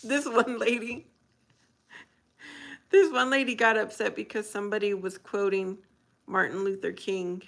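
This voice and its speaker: Woman hosting a relaxed livestream, talks slowly, mid-pitched, answers chat with easy laughter. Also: creaky. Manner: laughs often, reads chat aloud. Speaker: livestream host. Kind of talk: casual chat with viewers.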